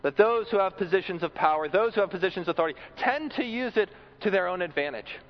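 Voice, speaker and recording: A man's voice: high-pitched, animated, fast talker, dull audio. A man preaching a sermon in an earnest way, often repeating words as he builds a point.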